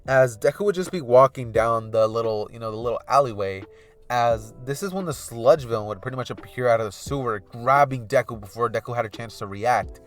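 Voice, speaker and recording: A man's voice: mid-range voice, fairly quick, faint music behind. Rambling man narrating a fan story. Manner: rambling, loose, with frequent filler phrases. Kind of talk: casual fan-fiction narration.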